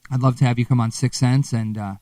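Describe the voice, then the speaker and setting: A young man from Wisconsin chats as a guest musician, loose and easygoing, with swear words and lively stories. He sits back from the mic in a dry, dead room. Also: mid-range voice, fast, dry recording, far from the mic. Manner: laid-back, swears freely, animated storytelling. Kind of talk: casual interview chat.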